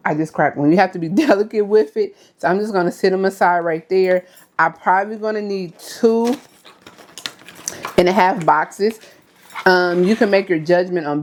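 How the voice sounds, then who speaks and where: A woman's voice: fairly low pitch, darkish tone. A woman, chatting casually through a cooking demonstration and often calling her viewers y'all. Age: 30s. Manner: chatty, addresses viewers as y'all, frequent okay. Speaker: cooking vlogger.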